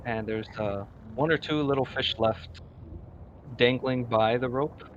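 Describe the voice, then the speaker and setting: A man runs a tabletop game in an unhurried, halting voice, stopping on fillers as he builds each scene. The recording sounds dull and lo-fi, with faint noise underneath. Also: medium pitch. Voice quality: slow, halting narration with many fillers. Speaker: game master.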